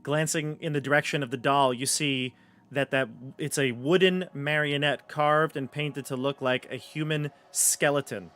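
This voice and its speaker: A man narrating as game master of a tabletop game in a relaxed, halting way. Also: a little high.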